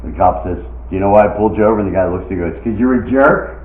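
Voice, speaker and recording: A man's voice: deep voice, steady tone, very fast. A middle-aged man performing a stand-up comedy set, telling jokes in a punchy way and acting out the voices in them. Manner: punchy joke delivery, acting out quoted voices. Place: outdoor stage with live crowd. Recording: echoey lo-fi phone-like recording of a live show.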